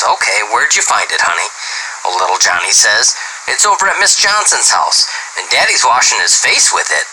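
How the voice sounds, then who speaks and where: Bright, lively man telling jokes. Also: fairly low pitch, slight background noise, poor audio. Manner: animated storyteller who starts many lines with "well". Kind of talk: reading dirty jokes aloud.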